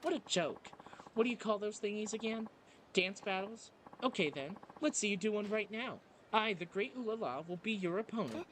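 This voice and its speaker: Snooty bratty idol girl, a guy doing the voice, high and swoopy, sneers at everyone. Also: expressive, moderate pace, a bit bright, a little hiss or hum, low-quality recording. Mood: taunting. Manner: haughty, taunting, self-important. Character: bratty, vain young female idol rival. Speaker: let's play narrator. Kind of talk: reading game dialogue aloud.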